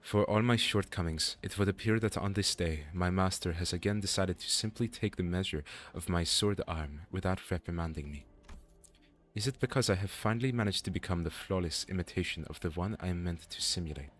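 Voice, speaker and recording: A man's voice: sits low, a little fast, natural voice. A man doing a formal sword pupil, mock French. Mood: solemn. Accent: put-on French. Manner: formal, old-fashioned storybook phrasing. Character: humble young male sword pupil, formal and wistful. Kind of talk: reading game dialogue aloud.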